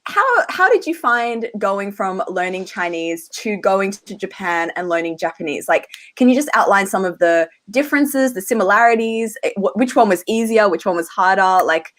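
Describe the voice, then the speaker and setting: A woman's voice: medium pitch, lively intonation, moderate pace, hardly any pauses, a bit bright. A woman hosting a casual livestream interview, asking questions in a friendly, hesitant way with many fillers. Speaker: livestream host.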